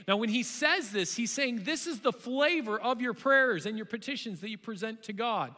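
A man with a high, bright voice preaches a sermon with long reverb trailing after his words. He keeps it conversational and animated, then breaks into sudden loud bursts. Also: moderate pace, hardly any pauses. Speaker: pastor.

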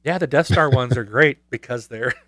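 A man's voice: mid-range voice, moderate pace, fairly bright tone, no echo. A man hosting a casual podcast, joking and laughing often with his co-host. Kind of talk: casual chat.

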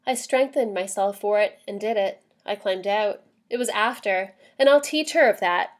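A woman's voice: mid-range voice, moderate pace, lightly acted. A woman reading as a firm, sure young man. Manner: firm and certain. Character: once-shy young man, now sure of himself.

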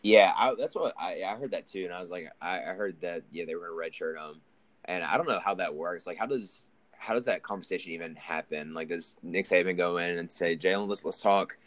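A young man talks football in a low, deep voice, circling back and restarting his thoughts as he goes. The sound is dry and close, with no room around it. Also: fairly quick, fairly bright tone, dry recording. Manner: rambling, frequent restarts and fillers. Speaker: podcast host. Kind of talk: casual sports chat.

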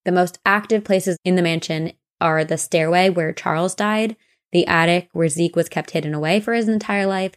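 A young woman co-hosting a podcast, casually recounting ghost lore in a chatty, animated way. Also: lowish voice, moderate pace. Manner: chatty, animated retelling with quoted voices. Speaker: podcast co-host.

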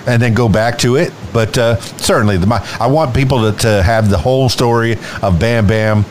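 A man's voice: medium pitch, fairly quick, a little hiss or hum. A man hosting a podcast, talking casually and upbeat, hyping up his guest. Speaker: podcast host. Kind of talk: casual chat.

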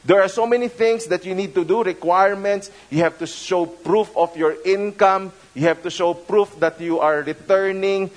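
Filipino pastor guy preaching casual, kinda high-ish voice, lots of restarts. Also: normal speed, hardly any pauses, poor audio. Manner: conversational, mixes in Tagalog phrases, many restarts. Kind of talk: sermon.

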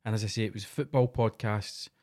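A man's voice: fairly low pitch, steady tone, fairly quick, darkish tone. A Scottish man co-hosting a casual podcast, bantering and swearing freely. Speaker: podcast co-host.

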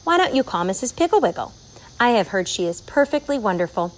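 A woman voicing a brisk, harried mother in a storybook reading, brusque and pitched up. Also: sing-song, close to an everyday voice, low-quality recording.

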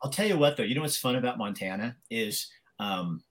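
A man's voice: mid-range voice, animated, fairly quick. A man hosting a podcast in casual chat, rambling with stammered restarts and playful teasing of his guests. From Oregon. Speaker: podcast host. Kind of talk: casual live-stream chat.

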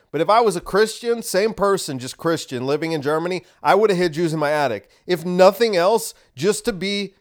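A young man ranting alone on his podcast, his voice a little higher than most men's. He sounds combative and heated, lurching between loud outbursts and low, muttered asides. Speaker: podcast host. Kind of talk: ranting monologue.

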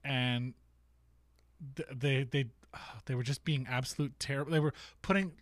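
A man in his thirties, a podcast co-host chatting casually about his kids, relaxed and wry, drifting into asides. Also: mid-range voice, measured pace, no room sound, clean studio sound. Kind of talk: casual chat.

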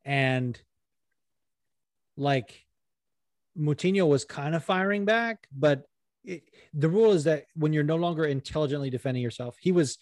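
A man co-hosting a casual sports podcast, animated and swearing freely, with lots of fillers. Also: on the high side, moderate pace, pauses often, no echo, studio quality. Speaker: podcast co-host.

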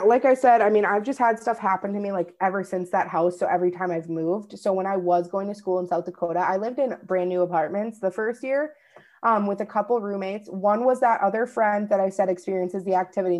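A woman's voice: medium pitch, a little mellow. A young woman, co-hosting a podcast and telling stories in casual chat. She swears freely and acts out what people said. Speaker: podcast co-host.

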